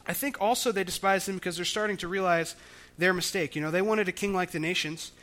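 Man, preaching casually, high-pitched voice, clear bright tone. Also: quick pace. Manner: conversational, explaining scripture with frequent restarts. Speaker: pastor. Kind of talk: sermon.

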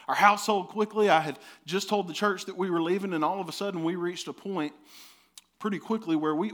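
A man's voice: a little high, a bit bright. A man preaching a conversational sermon, telling a personal story and laughing now and then. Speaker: pastor.

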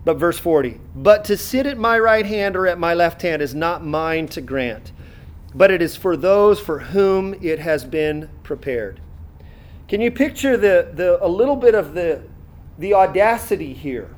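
High-voiced man preaching casually. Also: lively intonation. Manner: conversational preaching with many fillers and restarts; reads scripture aloud, pausing to comment. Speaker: pastor. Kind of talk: sermon.

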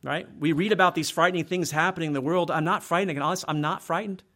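Conversational pastor preaching, tag questions. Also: male voice, a little high, fairly even intonation, fast talker, pushed and bright. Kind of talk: sermon.

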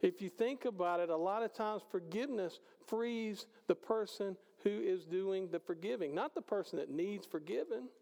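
A man preaching a conversational sermon, swinging between loud passages and hushed ones. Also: high voice, moderate pace, creaky, hardly any pauses. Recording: hall reverb.

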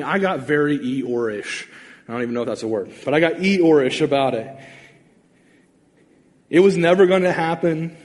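Pastor, male, lively storytelling sermon delivery, slightly higher voice, echo of a large hall. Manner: animated, conversational, acts out quotes. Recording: long reverb of a large hall.

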